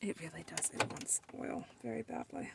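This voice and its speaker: Diy sewing lady talking to her fabric at the machine, kinda raspy fry, noisy machine clicking in the background. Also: fairly high pitch, normal speed. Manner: talks to herself and the fabric while sewing, playful scolding. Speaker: DIY sewing tutorial host. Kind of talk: casual chatty sewing commentary.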